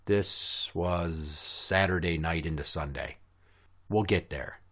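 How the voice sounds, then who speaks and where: A man's voice: deep voice, slow, a bit bright. A man hosting a podcast, telling a story in a blunt, sarcastic, profane rant. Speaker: podcast host. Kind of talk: casual ranting storytelling.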